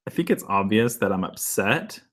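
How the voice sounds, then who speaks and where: A man describing his character's actions in a casual tabletop role-play, halting with fillers. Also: fairly low pitch, expressive. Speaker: player.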